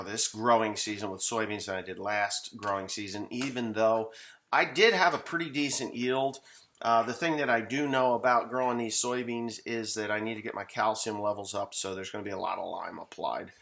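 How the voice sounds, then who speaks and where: A man's voice: on the low side, pushed and bright. A man in his fifties, a farmer, chatting to the camera outdoors among his equipment in a rambling, offhand way with a dry sarcastic streak. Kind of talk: casual farm vlog talking to camera.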